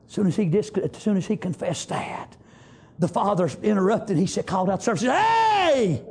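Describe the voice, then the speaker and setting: A man preaching a fervent sermon, rising to shouts and punctuating with amens. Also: high voice, fairly quick, husky.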